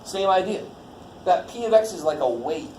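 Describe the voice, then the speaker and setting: A man's voice: high voice, animated, normal speed, a little mellow. A man teaching a college math class in a casual, jokey way, swearing lightly and quizzing the students as he goes. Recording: echoey classroom with faint noise.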